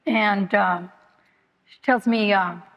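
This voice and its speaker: A woman tells her own story at a recovery meeting, frank and halting, often restarting her sentences and filling pauses. Her voice sits at a middle pitch. It carries a long reverb from a large meeting hall. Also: lo-fi sound. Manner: candid, halting, many fillers and restarts. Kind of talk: personal testimony.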